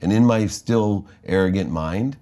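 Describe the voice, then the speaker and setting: A man's voice: sits low, unhurried, dark tone. A middle-aged American man, a guest in an interview, telling his life story with energy and acting out the voices of people he quotes. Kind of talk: candid storytelling in conversation.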